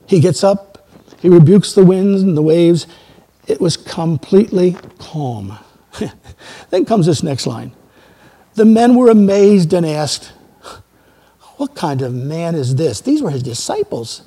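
A man preaching a sermon as a pastor, emphatic, swinging between loud outbursts and quiet asides. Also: sits high, very animated, measured pace, slightly rough. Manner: emphatic preaching with sudden loud rises and soft drops.

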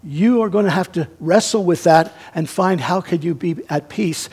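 Male pastor, raspy, higher-pitched voice, emphatic sermon that swings loud and hushed. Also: normal speed. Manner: emphatic, swings between raised and hushed delivery.

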